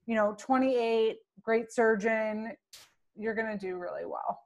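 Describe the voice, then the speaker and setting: A woman interviewing a guest in a casual conversation, supportive and encouraging. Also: on the high side. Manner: supportive, encouraging, quick to agree.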